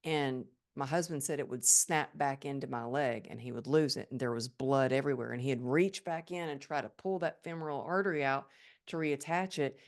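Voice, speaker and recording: Female podcast guest, low voice, emphatic and lively storyteller. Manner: animated and emphatic, acts out remembered thoughts. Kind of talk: personal storytelling in a podcast interview.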